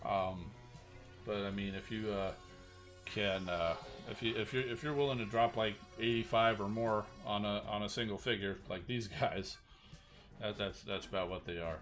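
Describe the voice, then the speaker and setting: A fairly low-pitched man with a steady, fairly bright tone speaks at normal speed over soft background music. He hosts a casual livestream for his channel as a toy collector, rambling with frequent fillers and restarts while showing off collectible figures.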